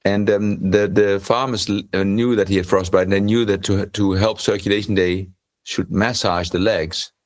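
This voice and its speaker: Co-host: man with a very deep voice, halting storyteller, dry close sound. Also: fairly even intonation, no echo. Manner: hesitant, with many restarts while telling a story. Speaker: podcast co-host. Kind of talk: storytelling in casual conversation.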